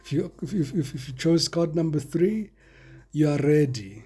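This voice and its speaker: Husky South African man reading tarot. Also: on the high side, lively intonation, normal speed, dark tone, soft background music. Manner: chatty and playful, mixing languages. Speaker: tarot reader. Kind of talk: casual tarot reading to viewers.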